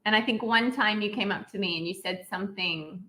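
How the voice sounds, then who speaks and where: A woman's voice: medium pitch, brisk, bright, forceful tone. A woman joining a live chat as a guest by video call, telling a story and laughing often. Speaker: church member and guest.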